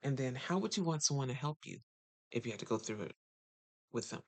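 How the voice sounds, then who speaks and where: A man's voice: expressive, fairly quick, a little mellow, no echo. A man talking casually to viewers as a relationship coach, chatty and full of rhetorical questions. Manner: chatty, rhetorical questions, sudden pitch jumps.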